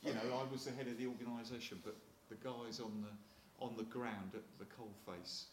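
A man's voice: mid-range voice, steady tone, moderate pace, roomy sound, slight background noise. A man in his sixties with a Hampshire accent, a retired Marine telling chatty anecdotes to an audience, often restarting and chuckling. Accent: Hampshire English. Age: 60s. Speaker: retired Royal Marine speaker.

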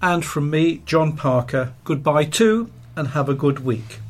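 A man's voice: on the high side, animated, unhurried. A man presenting a talking newspaper, reading scripted closing announcements in a friendly, orderly way.

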